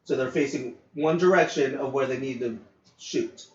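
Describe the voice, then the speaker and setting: Speaking at normal speed with a medium-pitched voice, this man co-hosts a podcast and spins out a lengthy story from work. It's loose and meandering, full of fillers with some cursing, picked up on a distant, roomy, dull lo-fi mic.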